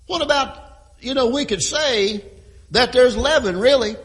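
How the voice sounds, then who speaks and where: A man preaching a sermon in a church, emphatic, repeating key phrases and often clearing his throat. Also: very high-pitched, normal speed, a bit bright. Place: church with a sound crew. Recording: long hall reverb.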